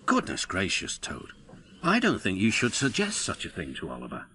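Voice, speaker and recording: A man doing a brisk, fussy tank engine. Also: lowish voice, wildly swooping pitch, pushed and bright, a little hiss or hum, pitched below the performer's own voice, heavily acted. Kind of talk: storybook narration.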